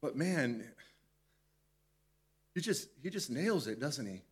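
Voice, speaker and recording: A man's voice: mid-range voice, very animated. A man leading a devotional Bible teaching in a conversational way, often restarting his sentences. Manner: conversational, halting with repeated restarts. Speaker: pastor.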